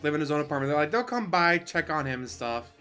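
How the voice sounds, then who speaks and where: A man's voice: fairly high pitch, lively intonation, quick pace, bright, forceful tone. A man ranting casually on a live stream, swearing a lot, laughing often and mocking the people he talks about. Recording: faint music behind.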